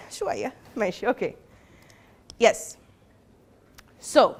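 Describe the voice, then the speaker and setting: An Egyptian woman lectures in a classroom, lively and playful with her students. Her voice sits a little high. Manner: lively, mixes Arabic and English, teasing. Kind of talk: classroom lesson.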